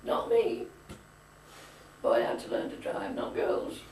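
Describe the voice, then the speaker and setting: Slow and dark in tone, an older woman being interviewed reminisces in casual chat, a talkative storyteller with strong opinions. A camcorder mic placed far from her catches echoey room sound and a faint hiss or hum.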